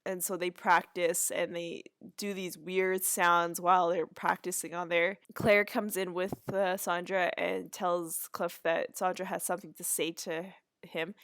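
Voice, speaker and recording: A woman's voice: fairly low pitch, flat delivery, measured pace, fairly bright tone, dry recording, studio quality. A woman hosting a podcast, chattily recapping a TV episode with asides and restarts. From Canada. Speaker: podcast host.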